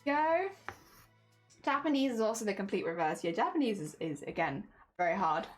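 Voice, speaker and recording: A woman's voice: medium pitch, sing-song, normal speed, soft background music. A young woman streaming casually, chatting and giggling with her viewers while she crafts at home. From Britain. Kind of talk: casual live-stream chat.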